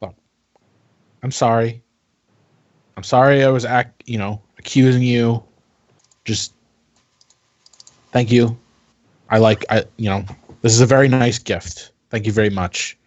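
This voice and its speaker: A man voicing a paranoid, defensive heir in a tabletop game, halting and apologetic with many restarts. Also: mid-range voice, fairly even intonation, darkish tone, no echo, highs cut off, close to an everyday voice.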